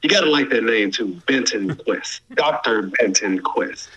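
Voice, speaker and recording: A man co-hosting a podcast, chatting in a rambling, animated way. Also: fairly low pitch, measured pace, husky, rough recording. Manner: animated, rambling, with laughs and restarts. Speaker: podcast co-host. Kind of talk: casual chat.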